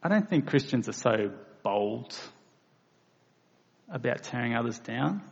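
A man's voice: medium pitch, very animated, measured pace, creaky, slightly rough. A man preaching a sermon, earnest and plain-spoken, acting out quoted voices now and then. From Australia. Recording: lo-fi recording in a reverberant hall.

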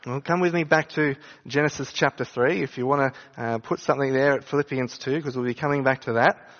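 A man's voice: mid-range voice, steady tone, fairly quick, fairly bright tone, big-room sound, lo-fi sound. A man preaching a sermon, speaking conversationally and asking his listeners rhetorical questions. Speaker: pastor.

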